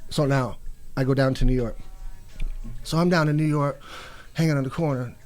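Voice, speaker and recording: A middle-aged man from Canada, telling stories as an interview guest and acting out quotes in bursts of louder, higher voices, laughing often. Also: steady tone, moderate pace, soft background music. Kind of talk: casual storytelling interview.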